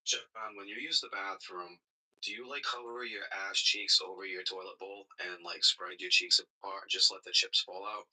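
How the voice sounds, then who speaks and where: A man with a husky, sharply bright voice trades crude banter in a casual online chat. His talk is teasing and offhand, with a lowish pitch. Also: fairly even intonation, normal speed, low-quality recording. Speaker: guest in chat room.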